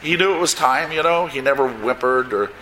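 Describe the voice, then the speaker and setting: A man's voice: medium pitch, brisk, sharp tone, slight background noise. A man in his sixties, a comic book artist, telling rambling stories to a live audience with frequent restarts and laughter. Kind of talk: anecdotal storytelling to a live audience. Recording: roomy, echoey hall sound.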